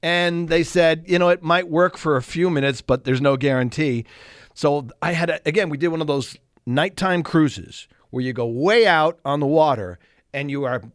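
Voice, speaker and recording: Man, sixties, high voice, self-mocking storyteller, casual radio chat. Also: moderate pace, no room sound, studio quality. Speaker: radio co-host.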